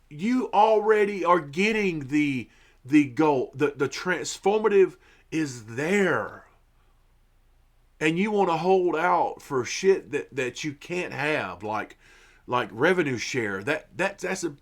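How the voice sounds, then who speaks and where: Irritated man ranting, lively pitch. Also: slow. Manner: irritated, profane, repeats words and restarts often. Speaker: sports commentary vlogger. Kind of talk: ranting opinion monologue.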